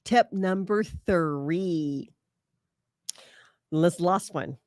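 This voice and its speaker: A woman's voice: on the low side, very slow, a little mellow, no echo, clean studio sound. A woman hosting a casual advice podcast, chatty, laughing often and using many fillers. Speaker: podcast host.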